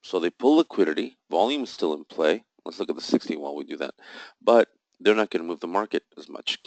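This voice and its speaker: A man with a very low voice leads a live trading lesson, recorded close and completely dry with no room sound. He explains each chart setup methodically, quizzing himself aloud and answering, and throws in emphatic, jokey asides. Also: animated, quick pace, creaky, darkish tone, no room sound, poor audio. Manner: explains step by step, asks and answers his own questions. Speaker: trading instructor. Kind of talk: live trading session walkthrough.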